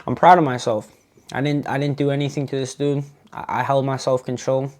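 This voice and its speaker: A twenty-year-old man telling his own story in a personal vlog, halting and earnest, with many restarts. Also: mid-range voice, flat delivery, darkish tone.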